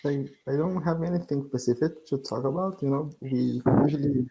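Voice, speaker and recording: A man's voice: on the high side, brisk, dull audio, a crowd in the background. A Brazilian man with a Brazilian Portuguese accent, a native Portuguese speaker, chatting hesitantly in English on a video call as a student. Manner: hesitant, laughs easily. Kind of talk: casual chat.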